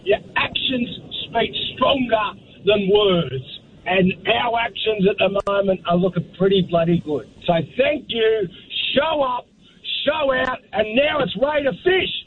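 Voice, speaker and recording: An upbeat Australian man calls in to the show, gushing with slang and goodwill. His voice sits high and comes through a tinny phone line. Faint hiss runs underneath. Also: measured pace. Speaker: caller. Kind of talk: call-in chat.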